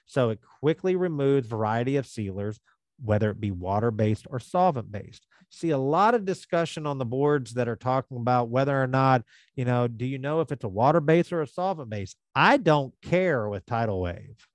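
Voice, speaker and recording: A man's voice: mid-range voice, lively intonation, normal speed, dry recording. Conversational man teaching contractors. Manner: conversational, acts out customer quotes. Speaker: sealing trainer for contractors. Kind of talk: live training presentation.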